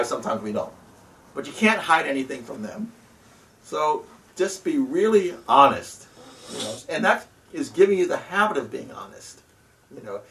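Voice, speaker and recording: A mid-pitched man talks in an earnest, halting way, sprinkling his speech with soft laughs and filler phrases. His voice sounds a little distant from the microphone, as if he sits back from it. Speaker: spiritual practitioner sharing advice. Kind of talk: casual reflective talk.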